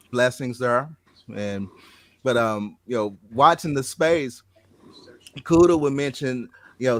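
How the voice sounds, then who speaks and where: A man hosting a casual chat, telling a story in an animated way and loudly acting out what people said. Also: medium pitch. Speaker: show host.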